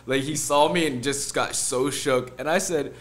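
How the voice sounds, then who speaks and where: A man's voice: a little high, moderate pace, fairly bright tone. A man co-hosting a podcast, telling a story in loose, laughing casual chat and swearing freely. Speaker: podcast co-host.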